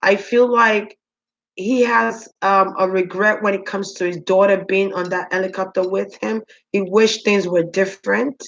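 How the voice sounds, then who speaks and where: A woman talks her way through a psychic reading at an unhurried, drawn-out pace, stopping often to hesitate and repeat herself. Her voice sits at an ordinary middle pitch. The recording sounds dull and lo-fi. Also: fairly even intonation, vocal fry. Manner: hesitant, musing, many ums and repeated words. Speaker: spiritual reader.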